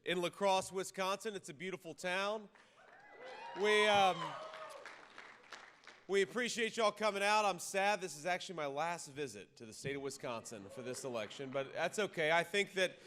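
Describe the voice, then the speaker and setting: A man giving a campaign rally speech into a podium microphone, talking conversationally with restarts and repeated words and rising to loud punchy lines. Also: sits high, normal speed, a faint crowd. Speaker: political candidate addressing a rally. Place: large reverberant rally venue. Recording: long reverb of a rally hall, faint ambient noise.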